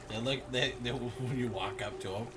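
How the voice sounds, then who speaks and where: A man narrating as game master in a tabletop game, unhurried, giggling, with halting fillers. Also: mid-range voice, very noisy.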